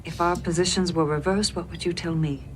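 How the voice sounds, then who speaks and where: A woman playing a calm, low-voiced starship doctor. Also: brisk, a little hiss or hum, lightly acted. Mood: steady. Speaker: ship's doctor in a TV drama. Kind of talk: 1990s TV drama acting.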